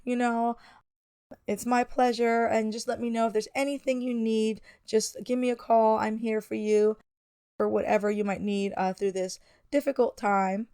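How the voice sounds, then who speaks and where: A woman's voice: on the high side, little pitch movement, normal speed, dark tone, smooth, lightly acted. A woman voicing a kind reassuring friend. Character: kind woman friend hosting a funeral dinner.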